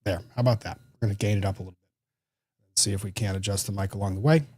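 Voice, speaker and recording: A man hosting a live stream in a loose, chatty, self-deprecating way. His voice is dark and mellow, close on a desk microphone in a dry room with no echo. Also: lowish voice, steady tone, fast talker. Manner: chatty, self-deprecating, reads chat aloud. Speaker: livestream host. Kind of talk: casual livestream chat. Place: small home studio room.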